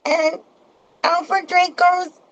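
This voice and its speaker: A woman's voice: level tone, a bit bright, full character voice. A woman putting on a sing-song babyish voice, the way she talks to her animals, on dull lo-fi audio. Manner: slow, sing-song and high. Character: cooing babyish girl voice used for animals.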